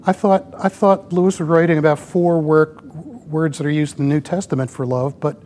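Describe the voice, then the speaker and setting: Folksy man in his sixties, slightly high. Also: fairly even intonation, normal speed, darkish tone, slight background noise. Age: 60s. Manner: folksy, rambling, many "you know"s. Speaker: lay speaker giving a church talk. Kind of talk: informal sermon with slides.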